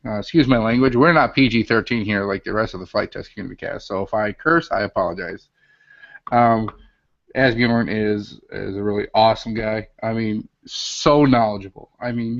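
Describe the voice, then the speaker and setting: A man hosts a casual online chat from his home garage, rambling along with plenty of ums and uhs. His voice is middling in pitch. The sound is dry and dull, like a cheap webcast mic. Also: no echo. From Illinois. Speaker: host. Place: home garage with door open.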